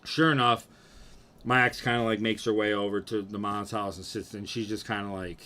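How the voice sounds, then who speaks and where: A young man casually telling a profane, animated story about himself and acting out what people said. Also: on the low side, fairly quick. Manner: animated, profane, acts out quotes.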